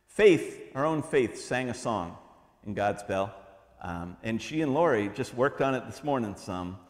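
A middle-aged man preaching a sermon in a church, conversational and animated, with humorous asides. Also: medium pitch, a little slow. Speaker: pastor. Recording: long hall reverb.

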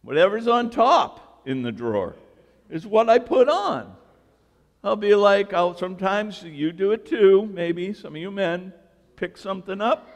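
High, lively preaching man. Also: unhurried. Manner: animated, joking storytelling. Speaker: pastor. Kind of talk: sermon. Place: church sanctuary. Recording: reverberant church hall.

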